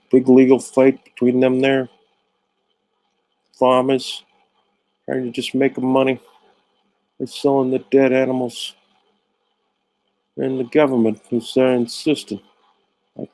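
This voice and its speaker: A man's voice: medium pitch, mellow, no echo, low-quality recording. A man rambling through a sarcastic comic monologue.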